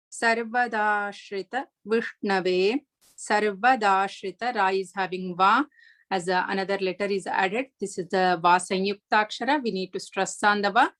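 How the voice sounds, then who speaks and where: A woman teaching the pronunciation of a chanted verse, patiently explaining each sound step by step and chanting the lines slowly. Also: mid-range voice, a bit bright. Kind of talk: online pronunciation lesson.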